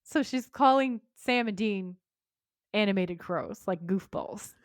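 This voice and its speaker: A woman's voice: medium pitch, measured pace, no room sound. Chatty woman recapping scenes on a dry mic. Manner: chatty, recounts scenes and reads dialogue aloud, giggles often. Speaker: podcast co-host. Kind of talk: casual recap chat.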